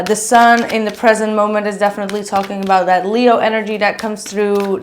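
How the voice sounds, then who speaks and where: Woman, tarot reader, casual and gushing, mid-pitched, lots of fillers. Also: slight background noise. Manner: chatty, gushing, many fillers.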